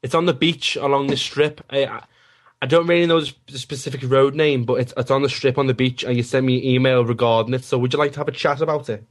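A man's voice: mid-range voice, steady tone, fast. A man hosting a casual radio phone-in, laughing often and swearing bluntly. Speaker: host.

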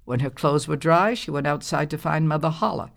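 A woman reading a storybook aloud with calm, measured, expressive narration. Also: deep voice, vocal fry.

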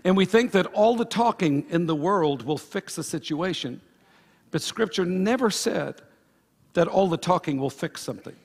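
A man's voice: high-pitched, lively intonation, moderate pace, vocal fry, slightly rough. A man preaching a sermon as pastor at a church service, emphatic and full of repeated phrases. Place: church service before a congregation.

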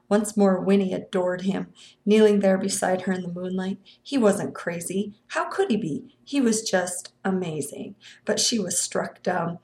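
A woman reading a novel aloud with expressive storytelling. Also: medium pitch, a little slow. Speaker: reader of a novel.

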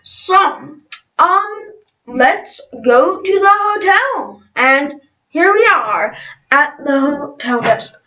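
A woman's voice: high-pitched, animated, very slow, sharp tone. A middle-aged woman improvising a solo role-play with many hesitant fillers, recorded from a distance in an echoey room. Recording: distant, roomy, dull lo-fi.

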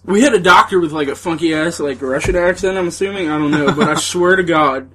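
A man's voice: a little high, fast, a bit bright. A man co-hosting a casual comedy podcast, telling crude stories and laughing through them. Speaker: podcast co-host.

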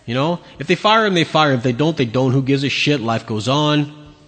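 A man's voice: medium pitch, fairly quick, fairly bright tone, in a large hall. A man hosting his own podcast, ranting bluntly and sarcastically with lots of swearing. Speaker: podcast host. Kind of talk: opinionated solo rant.

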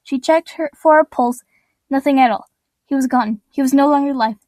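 A woman's voice: sits high, a little fast, darkish tone, dry recording. A woman reading her own adventure story aloud in a plain, earnest storytelling voice.

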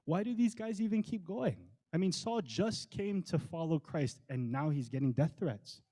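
A man's voice: a little high, lively intonation, warm tone. Impassioned man preaching a sermon. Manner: impassioned, rhetorical questions, swings between quick and slow emphatic delivery. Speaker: pastor.

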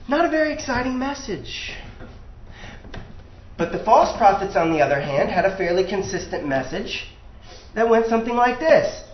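A man preaching a sermon as pastor, animated and acting out the voices he quotes. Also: high voice, normal speed, pauses often. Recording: echoey room, dull lo-fi sound.

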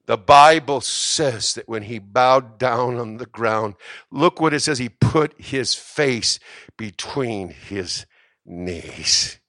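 A middle-aged man preaching a sermon in a church, moving from quiet asides to shouting and joking with the congregation. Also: medium pitch, takes it slowly, dry recording, clean studio sound. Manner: jokes with the congregation. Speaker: pastor. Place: church sanctuary.

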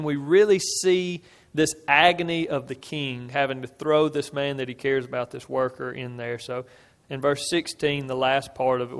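A man preaching an expository sermon, telling a scripture story with earnest, building emphasis and asking his listeners "right?" as he goes. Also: mid-range voice. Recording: long reverb of a large hall.

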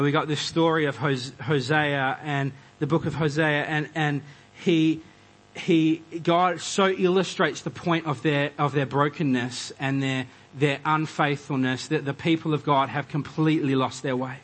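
A man preaching a conversational sermon, animated and acting out quoted voices. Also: a little high, low-quality recording. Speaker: pastor.

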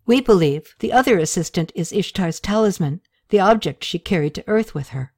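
A woman reading the part of a stern, scheming male high priest, in a grave and insistent manner. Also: expressive, normal speed, a little mellow. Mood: explaining.

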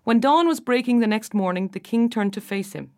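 A woman's voice: a little high, animated, fairly quick, dark tone. A woman reading a folktale aloud, narrating expressively and lifting her voice for the characters' lines. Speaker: storyteller.

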